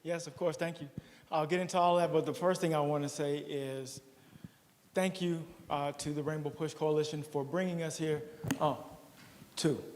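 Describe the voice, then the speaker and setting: A middle-aged man delivers a campaign speech at a community forum, leaning hard on his storytelling and calling out to the crowd. His voice sits a little high. Long reverb from the meeting hall trails every phrase. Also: fairly even intonation, normal speed, a little mellow, slight background noise. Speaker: school board candidate.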